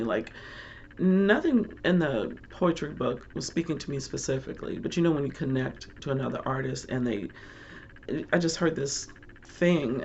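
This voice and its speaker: A middle-aged woman chatting casually as a book vlogger, rambling warmly through her thoughts and laughing along the way. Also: sits low, vocal fry, lo-fi sound, slight background noise. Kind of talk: casual chat.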